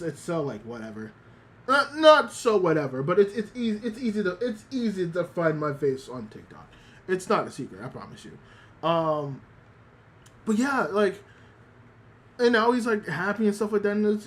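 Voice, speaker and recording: A male VTuber chatting on a casual livestream, rambling and looping back on himself. He swears freely and often repeats lines. His voice sits a bit high for a man. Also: fairly bright tone, a little hiss or hum. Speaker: VTuber streamer.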